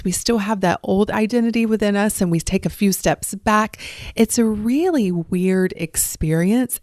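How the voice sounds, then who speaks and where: A life coach with a faint Southern American accent hosts a solo podcast, speaking directly to listeners in an earnest, encouraging tone. Her mid-range voice is somewhat dark, heard in clean studio sound without room noise.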